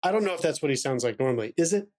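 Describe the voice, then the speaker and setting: A man's voice: fairly high pitch, animated, racing, darkish tone. A man co-hosting a podcast, talking in a tentative, hedging way as he thinks aloud in casual chat. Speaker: podcast co-host.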